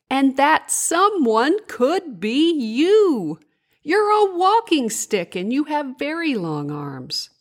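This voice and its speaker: A woman voicing a cheerful little female bug in a storybook, sweet and eager. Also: mid-range voice. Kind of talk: storybook character voice.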